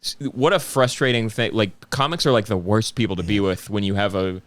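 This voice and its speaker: A young man with a smooth, clear voice spins a story on a podcast. He talks in a loose, animated way, laughs a lot and slips into voices as he tells it. The sound is close and dry. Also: on the low side, brisk, no echo. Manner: animated storyteller who laughs often and acts out quotes. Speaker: comedian guest.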